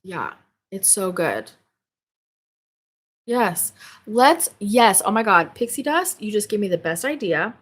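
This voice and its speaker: A woman's voice: mid-range voice, sing-song, slow pace, long pauses, breathy edge. A woman hosting a spirituality live stream, chatting casually and reading out viewer comments. She is bubbly and exclamatory, laughs often and swears casually. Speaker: spirituality livestream host. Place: home office.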